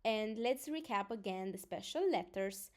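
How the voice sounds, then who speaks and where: A woman's voice: mid-range voice, lively intonation, moderate pace. A woman with a Romanian accent, a native Romanian speaker teaching a beginner language lesson, patiently sounding out letters one by one. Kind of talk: slow instructional lesson.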